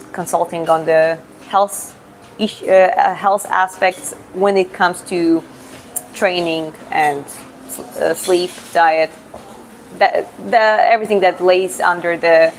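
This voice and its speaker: Here a woman from Georgia with a Georgian accent fields chat questions on her livestream as a fitness coach, loose and talkative, frequently groping for the right word. She pitches on the low side. The low-quality recording carries a little hiss or hum.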